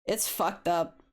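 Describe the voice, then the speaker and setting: While drawing, a young woman art streamer chats casually with her viewers in a lowish, slightly hoarse voice as she recovers from the flu. She's laid-back and swears freely.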